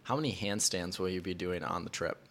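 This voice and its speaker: A man with a fairly low voice, chatting in a relaxed podcast. He teases the others with dry humor. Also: fairly quick, a little hiss or hum. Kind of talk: casual group chat.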